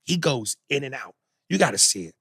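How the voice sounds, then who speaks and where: An animated man talks in loose podcast banter, his gravelly voice leaping from low mutters to loud bursts. The sound is dry and close, with no room around it. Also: a little fast, no room sound. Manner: animated, swings from loud outbursts to low mutters, drops into impressions. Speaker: podcast co-host. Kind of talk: casual chat.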